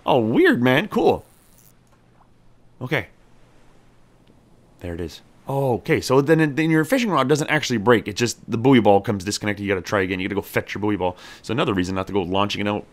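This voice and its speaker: Brisk and animated, a gameplay streamer with a lowish voice chats through a survival game in casual let's-play style. He speaks to his character and cheers on each catch.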